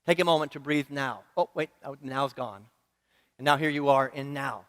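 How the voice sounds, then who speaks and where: A man's voice: mid-range voice, moderate pace, a bit bright. A male minister, preaching a sermon in a church and putting questions to the congregation, with earnest, rhythmic repetition. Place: church sanctuary. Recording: reverberant church hall.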